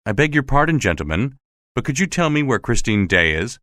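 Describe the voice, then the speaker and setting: A man's voice: medium pitch, big pitch swings, fairly quick, a bit bright, no echo, studio quality. A man voicing a sorrowful, polite young nobleman asking after someone, in a storybook reading.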